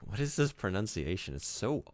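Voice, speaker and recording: Male game streamer, very low voice with lively swings, loose rambling chat full of "like", casual swearing. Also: moderate pace, background noise.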